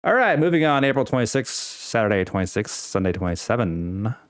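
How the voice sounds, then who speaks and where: A man's voice: on the low side, big pitch swings, brisk, clean tone, no room sound, clean studio sound. A young man ranting casually to the camera at home, rambling with many fillers and restarts and swearing freely. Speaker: vlogger. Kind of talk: unscripted personal rant.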